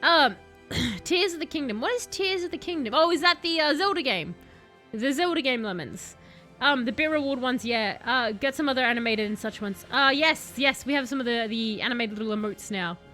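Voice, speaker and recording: A woman's voice: high voice, expressive, brisk, bright, forceful tone, soft background music. A woman streamer chatting sarcastically through her first playthrough of a game, joking at the story. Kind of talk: first-playthrough gameplay commentary.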